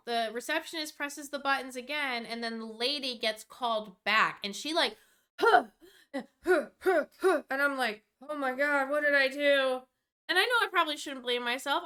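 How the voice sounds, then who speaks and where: A woman's voice: sits high, sharp tone. A young woman vlogger telling a storytime rant, exasperated and rambling, swearing freely as she goes.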